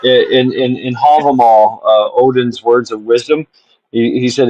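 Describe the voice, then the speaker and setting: A man chimes in slowly during a casual group chat, stumbling and repeating himself as he goes. His voice comes through dull and dry, with little room around it. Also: medium pitch, steady tone, a little mellow, no echo. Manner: halting, repeats words. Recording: dry, slightly dull sound.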